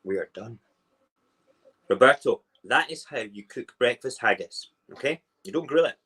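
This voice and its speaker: A man's voice: medium pitch, expressive, moderate pace, pushed and bright, breathy edge. A man from Edinburgh with a Scottish accent, hosting a casual morning live stream and chatting while he cooks and eats. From Edinburgh, Scotland. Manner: rambling, chatty, talks while cooking and eating.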